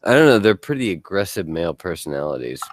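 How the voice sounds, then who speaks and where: A man's voice: deep voice, sing-song, fast, no echo. A man hosting a casual panel chat who tells rambling, joking stories and swears freely.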